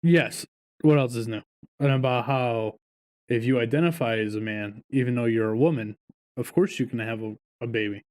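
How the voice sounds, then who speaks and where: A man's voice: mid-range voice, normal speed. A man co-hosting a podcast, ranting and swearing while telling casual stories. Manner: profane, ranting, animated storytelling. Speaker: podcast co-host.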